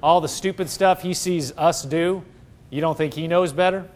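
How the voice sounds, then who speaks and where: A man preaching a sermon, swinging from loud, excited exclaiming to low, hushed tones. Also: moderate pace.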